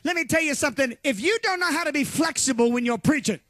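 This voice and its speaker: A man preaching a sermon, telling a story in an animated way and often shouting. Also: very high voice, quick pace, no echo.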